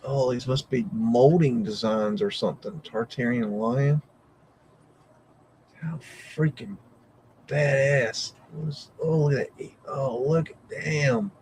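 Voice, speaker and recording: Guy on a live stream going wow and what the hell at everything, rambly, mid-pitched voice. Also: steady tone, takes it slowly, darkish tone, a little hiss or hum, poor audio. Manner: exclamatory, frequent mild swearing, thinking aloud; rambling, easily amazed. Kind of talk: live reaction commentary.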